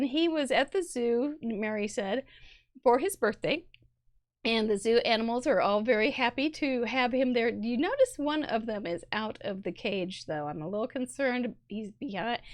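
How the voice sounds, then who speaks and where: A middle-aged woman with a Midwestern American accent hosting a live crafting show, chattily reviewing viewer cards with puns and restarts. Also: on the high side. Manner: chatty and punny, rambling with restarts.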